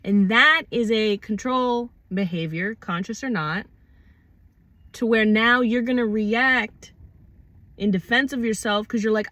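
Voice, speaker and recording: A woman's voice: a little high, measured pace, pushed and bright, no room sound. A woman hosting her own channel, talking through her thoughts in a casual, reflective monologue, conversational and loose with swear words. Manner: thoughtful, conversational, swears freely, acts out quoted arguments. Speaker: channel host.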